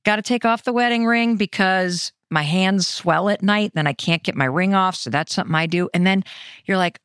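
Middle-aged woman doing her motivational podcast, chatty, talks right to you, mid pitch, dry sound. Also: moderate pace, clear, resonant tone, no echo. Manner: chatty and expressive, speaks straight to the listener. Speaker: podcast host.

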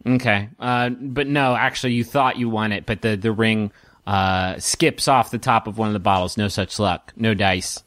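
A man acting as game master, narrating a tabletop game in a loose, halting way. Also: on the low side, fairly even intonation, fairly bright tone, no echo.

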